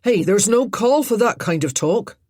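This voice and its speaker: Woman voicing a plain-spoken young groom, rough grammar, husky and lively. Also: mid-range voice, moderate pace, no room sound, studio quality, pitched above the performer's own voice, natural voice. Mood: defiant. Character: blunt, loyal young country groom.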